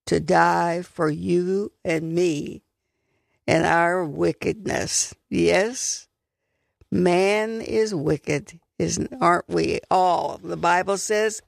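A woman's voice: lowish voice, fairly even intonation, drawn-out words, gravelly, no echo, clean studio sound. A woman giving an earnest devotional radio talk as a Bible teacher, stressing key words.

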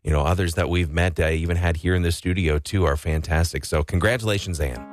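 A man co-hosting a radio show, talking in a halting way with many filler sounds. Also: sits low, steady tone. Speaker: radio co-host. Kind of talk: casual radio chat.

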